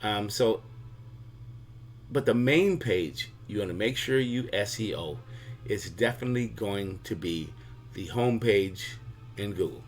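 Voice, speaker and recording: A man's voice: on the low side, animated, unhurried. Male host giving a casual comic explainer, chatty and fond of analogies. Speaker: video host.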